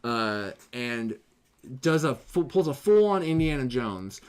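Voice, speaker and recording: A man co-hosting a casual movie review podcast, retelling scenes in an animated way, swearing often and acting out the characters' lines. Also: medium pitch, takes it slowly, clean tone. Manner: animated, swears a lot, acts out quotes. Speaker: podcast co-host.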